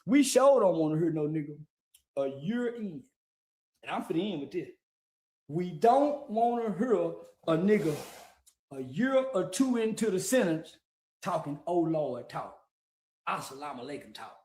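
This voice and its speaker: A man's voice: high-pitched, very animated, a little slow, a little mellow, echoey room, poor audio. A man giving casual, blunt, profane street commentary, full of slang and repeated "yeah". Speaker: guest commentator.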